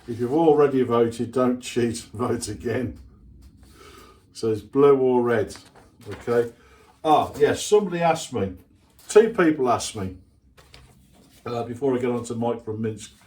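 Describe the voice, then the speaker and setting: Older guy on his hobby channel going through viewer comments, slow and rambly, pokes fun at himself. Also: mid-range voice, a little mellow. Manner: rambling and self-mocking, with asides. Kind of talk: casual chat reading out viewer comments.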